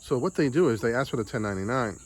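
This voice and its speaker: A man's voice: medium pitch, animated, racing. A man from the United States venting in a casual vlog, frustrated, swearing and repeating himself. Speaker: vlogger. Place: home in the Philippines.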